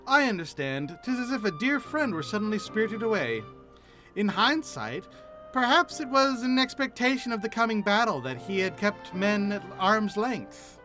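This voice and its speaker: A man's voice: high-pitched, sing-song, normal speed, pushed and bright, soft background music, voice pushed up, heavily acted. A man reading aloud the lines of an earnest woman adventurer who talks in an old-fashioned way. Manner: earnest, archaic read-aloud delivery.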